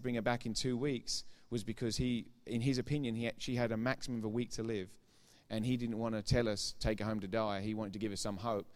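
A man giving a sermon testimony as a preacher, retelling conversations line by line and growing loud and emphatic when he preaches. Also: medium pitch. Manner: retells dialogue with repeated "I said, he said".

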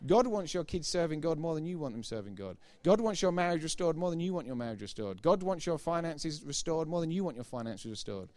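Man, middle-aged, pastor, sermon, emphatic, repetitive, chatty asides, somewhat high voice. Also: big pitch swings, a little fast, few pauses, darkish tone. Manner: emphatic, repeats key phrases for effect; chatty, informal asides to the congregation.

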